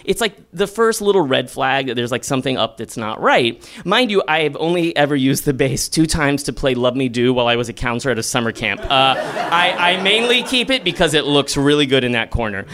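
A young man telling a self-deprecating comic story live, acting out quoted lines with sudden high squeals. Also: animated, a little fast, fairly bright tone.

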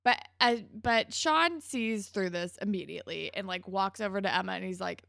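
A woman with a gravelly edge to her voice chats casually as a podcast co-host. She retells a TV episode scene by scene, acting out the characters' lines. The sound is dry and close. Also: mid-range voice, animated, normal speed, hardly any pauses, bright, forceful tone, dry recording. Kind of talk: casual recap chat.

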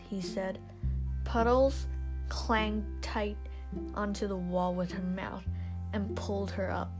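A woman reads a children's story aloud in a slow, unhurried way, her voice at a middle pitch. Instrumental music plays clearly behind her. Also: steady tone. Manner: slow, measured reading.

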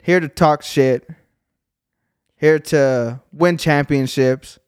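A man's voice: on the high side, slow pace, smooth, no echo, clean studio sound. A man hosting a podcast in casual chat, brash and joking, swearing freely. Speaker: podcast host.

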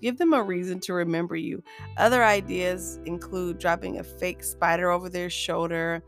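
A woman hosting a solo motivational podcast, chatty and upbeat, often laughing as she talks to her listeners as "you guys". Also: fairly low pitch. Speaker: podcast host.

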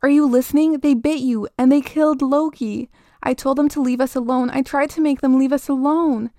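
A woman voicing a frantic young girl who pleads in a high, loud voice while reading a story. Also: flat delivery, unhurried, clean tone, no room sound, clean studio sound, lightly acted. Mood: pleading.

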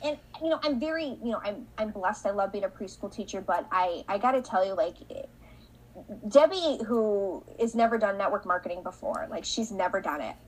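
A woman's voice: mid-range voice, brisk, poor audio. A woman in her thirties, a podcast guest chatting casually and animatedly, acting out conversations as she tells stories. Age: 30s. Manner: animated storyteller, acts out conversations.

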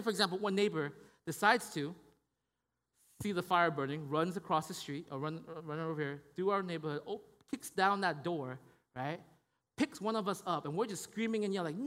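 A man with a high voice preaches in a church, talking to the congregation in a loose, conversational way. He keeps checking in with "right?" and restarts his sentences, and the sound carries a long reverb. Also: a bit bright. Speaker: pastor. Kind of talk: sermon.

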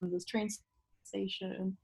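A young woman hosts a podcast, telling a story in casual chat, acting out quotes and laughing often. Her mid-range voice is flat and slow with vocal fry, and crowd noise is audible.

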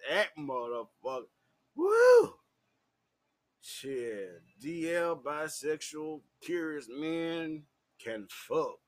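A man's voice: a little high, slow. A man telling a raw, profane story to camera, laughing often and acting things out. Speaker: vlogger.

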